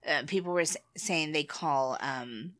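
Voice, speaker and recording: American woman podcasting, kinda low, bright tone, laughs a lot. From United States. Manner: chatty, laughs often, explains slowly. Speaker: podcast co-host. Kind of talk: casual chat.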